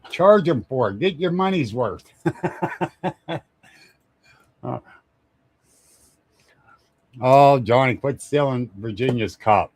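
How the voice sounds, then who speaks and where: A man's voice: medium pitch, animated, drawn-out words, long pauses, darkish tone, slightly rough, dry recording. A man hosting a casual live stream, rambling, chuckling often and greeting viewers by name. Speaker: livestream host.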